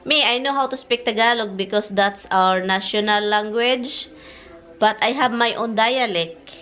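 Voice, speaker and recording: A woman's voice: medium pitch, measured pace, fairly bright tone. Chatty Filipina woman vlogging. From Philippines. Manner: chatty, explains things patiently. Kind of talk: casual chat mixing English and Tagalog.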